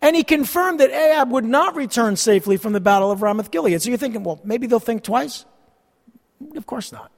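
A man's voice: very high voice, lively intonation, a little fast, creaky. A man teaching a Bible study sermon, reading scripture aloud and adding sarcastic asides. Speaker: pastor. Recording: long hall reverb.

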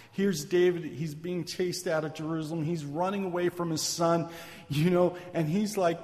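A man's voice: a little high, unhurried, a little mellow. A man preaching a sermon in a casual, conversational way, often checking in with "right?" and "man". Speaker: pastor. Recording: long hall reverb.

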